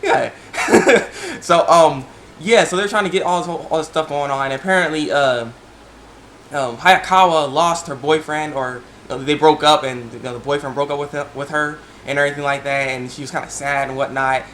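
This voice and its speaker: Excitable young man rambling about an anime. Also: a little high, fairly quick, a little hiss or hum. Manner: excitable, laughing, lots of fillers and restarts. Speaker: anime reviewer. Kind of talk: casual video review.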